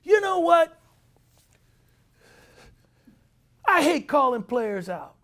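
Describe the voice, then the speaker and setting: A man impersonating a furious, foul-mouthed older baseball manager who scolds his team in a loud, gravelly voice. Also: sits high, big pitch swings, moderate pace, voice pushed up. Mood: ranting. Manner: yelling, scolding.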